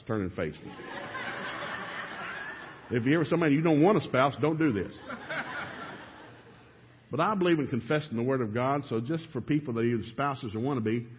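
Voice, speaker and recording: Male pastor, animated storyteller, husky edge, lo-fi church recording. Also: mid-range voice. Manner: animated storytelling, leads congregation in repeating vows. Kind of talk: sermon. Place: church sanctuary. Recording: reverberant church hall, dull lo-fi.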